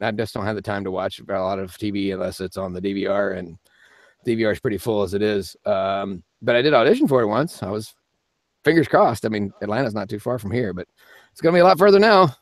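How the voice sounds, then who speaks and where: A man whose voice sits on the low side talks fast while hosting a live-stream Q&A as a voice actor. He casually rambles through viewer comments, laughing a lot, and there's no echo.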